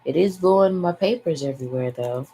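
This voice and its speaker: A young woman with a low voice rambles through a casual vlog chat. She talks frankly, swears freely and lets out sighs between thoughts. A faint hiss sits under the recording. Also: fairly quick. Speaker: vlogger. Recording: faint background noise.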